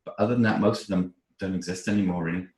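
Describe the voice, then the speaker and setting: A man's voice: low voice, fairly even intonation, very fast, darkish tone, echoey room, low-quality recording. A man from England in casual chat as host, friendly and talkative with frequent restarts. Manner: chatty and friendly, with many restarts.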